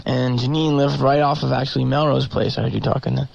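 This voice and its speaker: Gravelly-voiced man telling stories. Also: medium pitch, highs cut off. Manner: animated, doing quick character voices. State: sore throat. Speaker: comedian guest. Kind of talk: casual radio storytelling.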